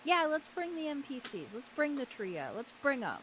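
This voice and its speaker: A woman's voice: high voice, big pitch swings, moderate pace, a bit bright. A woman playing a tabletop game, chatting in a playful, bantering way. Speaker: player. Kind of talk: casual tabletop game chat. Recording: noisy background hiss.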